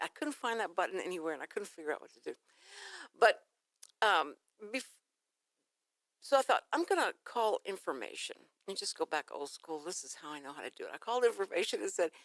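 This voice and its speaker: A woman from Texas with a Texan accent, hosting a morning radio talk show and telling a story in a lively, chatty way. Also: mid-range voice, dry recording, studio quality. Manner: animated storytelling, acting out phone calls. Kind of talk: casual radio chat. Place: radio studio.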